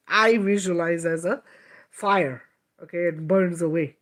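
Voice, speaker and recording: A woman's voice: fairly low pitch, steady tone, measured pace, fairly bright tone. A woman giving a spiritual healing talk in a casual, emphatic way, swearing freely, laughing, and often checking in with "right?". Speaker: spiritual teacher. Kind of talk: spiritual teaching monologue.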